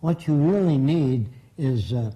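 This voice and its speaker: An older man giving an informal talk, telling sardonic stories and mocking asides, sometimes putting on quick voices for the people he quotes. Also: medium pitch, lively intonation, mellow, poor audio. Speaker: speaker on science and religion. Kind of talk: informal lecture.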